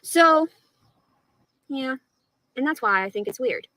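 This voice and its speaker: A woman's voice: high voice, lively intonation, slow pace, bright, forceful tone, no room sound, poor audio. A woman talking straight to her live stream audience, rambling and swearing a lot, with an aggrieved tone. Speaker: livestreamer.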